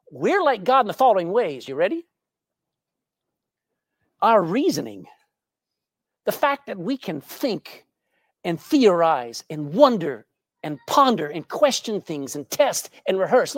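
A woman preaching a sermon, animated and questioning her congregation, with jokes and anecdotes along the way. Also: lowish voice, unhurried, long pauses, no echo, clean studio sound. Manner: tells jokes and anecdotes with a laugh.

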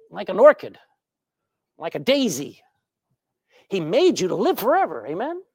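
A woman preaching with a voice that rises and falls freely, keeping her congregation engaged with questions and the odd humorous story. Her sermon is captured close and dry, with no room echo. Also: medium pitch. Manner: animated, asks the congregation questions; tells jokes and anecdotes with a laugh.

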